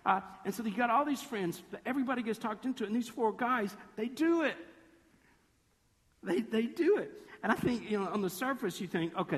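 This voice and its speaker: A man preaching a sermon, telling the story in a lively way, acting out quoted voices and slipping in playful sarcasm. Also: high-pitched. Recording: long reverb of a large hall.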